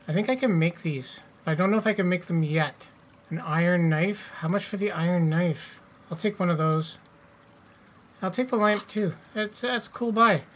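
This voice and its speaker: A man's voice: high-pitched, fairly bright tone. A man hosting a casual let's-play, joking, swearing and reading game text aloud. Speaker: gaming channel host.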